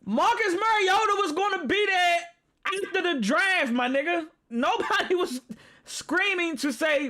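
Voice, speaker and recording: A man hosts a live football reaction stream. His voice sits very high and sounds bright and forceful. He rants, swears and cracks up as he talks straight to his viewers. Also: normal speed. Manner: excitable, profane, laughing and ranting to viewers.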